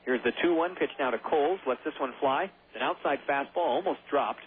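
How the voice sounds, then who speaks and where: Hoarse guy doing baseball radio play-by-play, chatty and rambly, tinny phone-line sound. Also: on the high side, brisk. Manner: chatty, rambling, self-deprecating asides.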